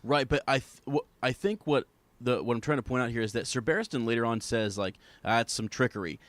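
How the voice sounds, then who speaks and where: A man co-hosting a podcast, talking through a book in a halting, casual way with many restarts. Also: medium pitch, dry recording. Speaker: podcast co-host.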